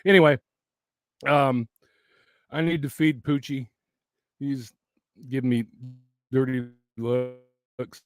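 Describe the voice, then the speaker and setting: A mid-range male voice moves at a slow pace with frequent pauses, picked up from very close to the microphone. He hosts a casual live chat on his YouTube channel from home, rambling, restarting often, and laughing, his voice wearing thin.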